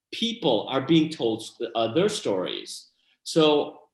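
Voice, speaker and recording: A man, an actor and playwright, giving earnest, animated answers in an interview, with many restarts and asides. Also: fairly high pitch, reverberant, rough recording.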